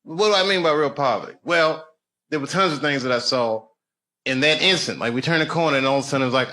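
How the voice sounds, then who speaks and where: Animated middle-aged comedian on stage. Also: male voice, a little high, quick pace. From United States. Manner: animated storytelling, swings from hushed asides to loud bursts. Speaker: stand-up comedian. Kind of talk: stand-up comedy set. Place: comedy stage before a live audience. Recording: noisy live show recording. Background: audience laughter.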